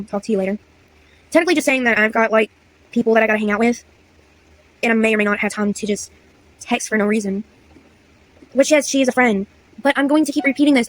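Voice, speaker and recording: In a chatty story-time vlog, a young woman of around twenty reads old text messages aloud, sounding exasperated and tossing in slangy asides. Her voice is fairly high and the recording quality is low.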